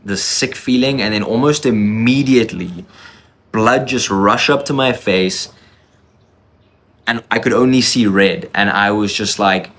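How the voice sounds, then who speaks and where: A man telling a personal confessional story in an emotional, intense way, often halting and restarting his sentences. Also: on the low side, fairly bright tone.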